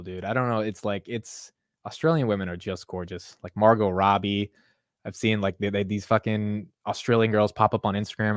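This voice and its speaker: A man's voice: lowish voice, no echo, clean studio sound. A young man hosting a livestream, chatting casually in a loose, rambling way and saying "dude" a lot. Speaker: livestream host. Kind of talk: casual stream chat.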